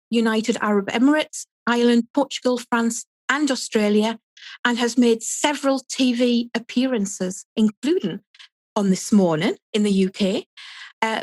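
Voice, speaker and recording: Woman podcast host. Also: fairly high pitch. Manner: warmly welcoming, reads out guest credits with fillers. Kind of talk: podcast interview.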